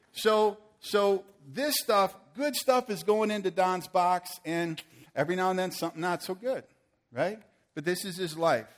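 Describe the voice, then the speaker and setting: A man preaching a sermon, swinging from forceful declarations to playful banter with volunteers he calls on stage. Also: high voice. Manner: rises to forceful proclamations, then playful and joking with volunteers. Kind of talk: sermon with live audience demonstration.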